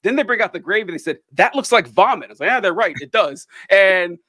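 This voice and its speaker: A man hosting a casual chat, telling animated stories and laughing often. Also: sits high, fast talker, dry recording. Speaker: host.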